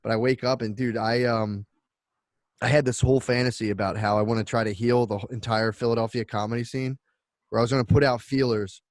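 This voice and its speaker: A man at a mid-range pitch, talking close to a dry studio mic with no room sound. He rambles through a comic story, acting out bits of dialogue and laughing often. The tone is loose podcast banter. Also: flat delivery, fairly quick, no room sound. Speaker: podcast co-host.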